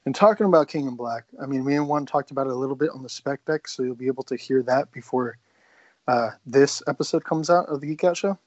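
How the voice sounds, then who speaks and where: A man co-hosting a podcast, excitedly recapping a comic story in casual chat, swearing freely and rambling. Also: mid-range voice, quick pace, no room sound, muffled recording. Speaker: podcast co-host.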